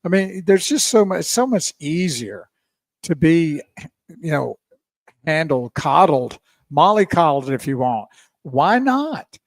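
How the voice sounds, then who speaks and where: A man with a fairly high voice co-hosts a radio show, talking in a loose, agreeable way as he backs up the host. His voice sounds dry and close to the mic. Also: sing-song, slow pace, dry recording. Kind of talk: casual radio talk.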